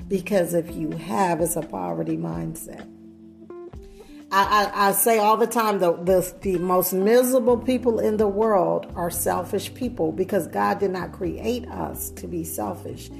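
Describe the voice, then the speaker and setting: A woman's voice: medium pitch, gravelly, darkish tone. A woman preaching a sermon earnestly, putting rhetorical questions to her listeners.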